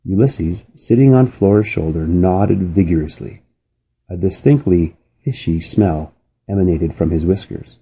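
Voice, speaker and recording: A man reading a children's novel aloud in a calm, measured storytelling manner. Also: deep voice, slightly rough, poor audio. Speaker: reader.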